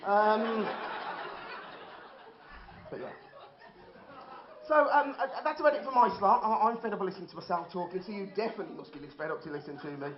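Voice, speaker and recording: A man's voice: high voice, a little fast, long pauses, noisy background. Brummie bloke in his 30s doing stand-up, dry self-deprecating jokes, echoey hall, kinda muffled lo-fi sound. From Birmingham, England. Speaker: amateur stand-up comedian. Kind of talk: stand-up comedy set. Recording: roomy, dull lo-fi hall recording.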